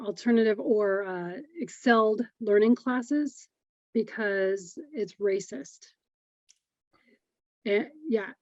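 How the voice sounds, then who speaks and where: A woman's voice: medium pitch, darkish tone, dry recording. Woman podcast cohost just chatting, kinda rambly, dry dull mic. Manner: rambling, restarts often, laughs easily. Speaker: podcast co-host. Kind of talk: casual chat.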